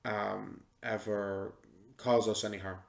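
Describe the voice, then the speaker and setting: A man narrating a tabletop game as game master, relaxed and halting with frequent ums. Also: on the low side, vocal fry.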